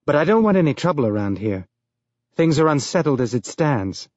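A man's voice: on the high side, big pitch swings, brisk, a little mellow, no echo. A man voicing a jovial, tall male police inspector on a space station, speaking in blunt, sardonic cop banter. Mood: wry. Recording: dull lo-fi dry recording.

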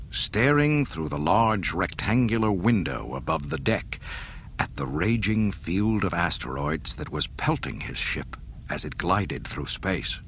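A man reading a story aloud in an expressive, dramatic narration. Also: deep voice, slight background noise. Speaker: audiobook reader.

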